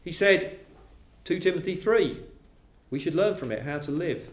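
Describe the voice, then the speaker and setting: A man preaching a sermon to a congregation, animated and acting out quoted voices. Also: fairly high pitch, moderate pace. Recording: roomy echo of a hall.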